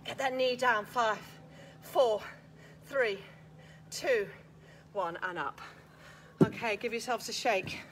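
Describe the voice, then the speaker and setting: A woman's voice: a little high, takes it slowly, long pauses, fairly bright tone, a little hiss or hum. A woman leading a live workout class, counting reps, cueing moves and encouraging everyone while a bit out of breath. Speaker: fitness instructor. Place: outdoors.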